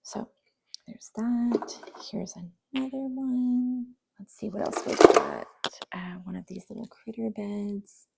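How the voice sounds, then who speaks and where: A woman's voice: on the high side, sing-song, slow, creaky, heavy background noise. A young woman chatting casually while sorting her kids' toys, often trailing into near-whispers. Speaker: vlogger. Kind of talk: casual voice-over while decluttering.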